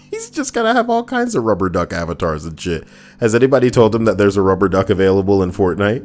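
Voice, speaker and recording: A man's voice: lowish voice, huge pitch swings, brisk, darkish tone, faint music behind. A man streaming live, reading posts aloud in casual chat, joking, swearing freely and laughing often.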